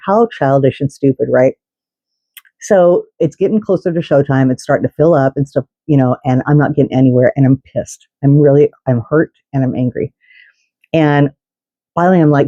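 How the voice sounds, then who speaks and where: A woman's voice: sits low, brisk, warm tone, no room sound, lo-fi sound. A woman vlogger telling a story in a casual, indignant way, swearing and restarting her sentences.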